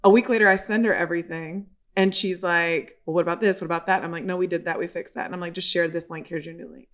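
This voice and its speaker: This woman guesting on a relaxed podcast has a lowish voice and talks fast. She tells her story with lots of energy, performing each exchange in quoted voices and letting the occasional swear word slip.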